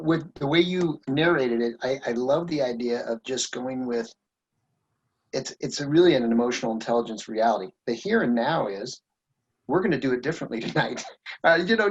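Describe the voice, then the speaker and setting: A man's voice: medium pitch, husky. A man on a panel, talking in an enthusiastic, reflective way with some fillers over a video call. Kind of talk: casual panel discussion. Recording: dull lo-fi call audio.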